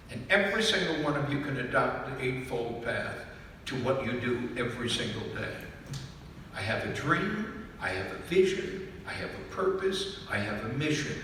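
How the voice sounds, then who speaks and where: There's slight background noise and an echoey hall, with the mic far away, as a man on the high side with a bright, forceful tone addresses an audience. This business author is emphatic, repeats his key phrases, and regularly pauses to ask listeners whether they understand.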